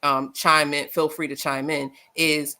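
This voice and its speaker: A woman co-hosting a live discussion show, loud and passionate, telling stories with acted-out quotes. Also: sits low, a little slow. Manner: animated, storytelling with acted quotes. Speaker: podcast co-host.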